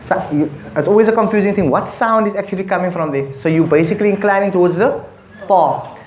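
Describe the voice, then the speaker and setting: A man's voice: high voice, racing, reverberant, muffled recording, slight background noise. A man teaching a Quran recitation class, patiently coaching pronunciation and explaining rules between chanted verses. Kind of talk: recitation class with call and response.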